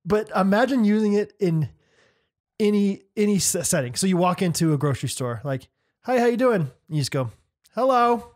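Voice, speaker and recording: A man's voice: sits high, brisk, a little mellow. A young man co-hosting a podcast in casual chat, teasing and acting out mock voices. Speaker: podcast co-host.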